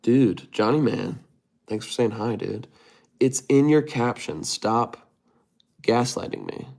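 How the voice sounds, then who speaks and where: A man's voice: medium pitch, slow, vocal fry, a little mellow. A man hosting a casual livestream, reading viewer comments aloud and muttering to himself while he types. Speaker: livestream host.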